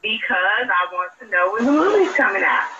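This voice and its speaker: A woman calling in to a show, calm and persistent, pressing the host with pointed questions. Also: medium pitch, normal speed, lo-fi sound, very noisy. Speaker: caller.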